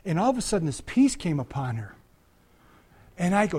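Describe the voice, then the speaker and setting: A man's voice: on the high side, big pitch swings, a little fast, long pauses, darkish tone, breathy edge. An older man preaching a conversational sermon, talking to the congregation with frequent asides and restarts. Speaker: pastor.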